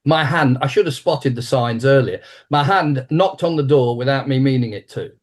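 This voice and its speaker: A man in his sixties, a martial arts teacher being interviewed, tells a story with animated energy. His voice sits at a middle pitch, and he often restarts and repeats his words as he goes. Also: normal speed.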